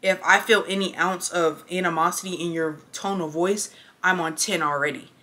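A woman's voice: lowish voice, fairly even intonation, moderate pace, bright, forceful tone. A young woman telling a story to camera while getting ready, blunt, emphatic and full of swearing. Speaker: vlogger.

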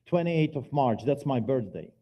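Earnest, mellow-voiced man giving testimony. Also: mid-range voice, expressive, normal speed. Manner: earnest, swings between quiet and loud. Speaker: guest preacher giving testimony. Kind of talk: personal testimony sermon. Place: church sanctuary, live service.

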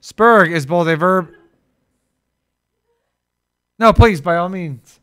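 A man's voice: high-pitched, unhurried, smooth, no room sound. A man with an Ohio accent co-hosting a casual tech livestream, rambling and joking, his voice jumping up when he gets worked up. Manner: animated, rambling, jokey, voice jumps when excited. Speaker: co-host of tech stream.

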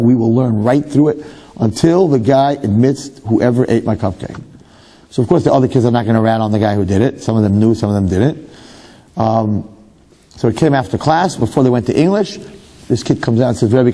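A man's voice: mid-range voice, dark tone, husky. A man, a rabbi giving a lecture, telling a story animatedly with rhetorical questions and self-mocking humor.

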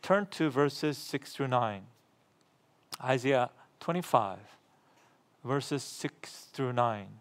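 A man's voice: animated, slow. A middle-aged pastor preaching a sermon, repeating phrases for emphasis and asking the congregation questions, rising in volume when he reads scripture. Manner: gets louder and higher when reading scripture aloud.

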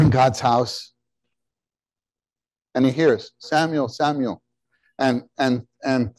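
A male preacher delivers an animated, conversational sermon, often putting questions to his listeners. He swings between emphatic, almost shouted words and soft, hushed asides, and his voice sits at a middling pitch. The sound is close and dry, with no room echo. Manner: animated, rising to near-shouts on key words; drops into soft, quiet asides when quoting God.

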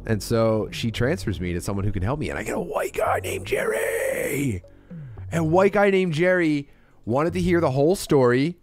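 A man's voice: mid-range voice, no room sound. A man telling a rambling, profane comedy story on a live stream, full of restarts and asides.

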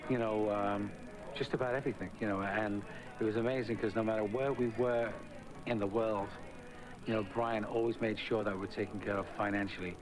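An older man recalling his singing days in an interview, talking haltingly with many pauses. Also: lowish voice, fairly even intonation, rough recording. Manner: halting, many fillers and restarts. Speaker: interviewee, former singer. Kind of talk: reminiscing interview. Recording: music playing underneath.

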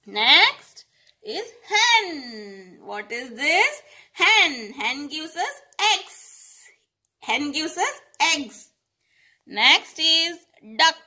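A woman teaching preschool children, saying each word slowly and repeating it for them to echo. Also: sits high, sing-song, sharp tone. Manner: slow, sing-song, repeating words for children to echo. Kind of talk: recorded lesson for young children.

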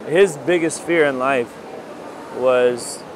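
A man reflecting in an interview about a close friend, soft-spoken and full of "you know". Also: mid-range voice, slow pace. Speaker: close friend and former roommate. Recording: noisy background hum.

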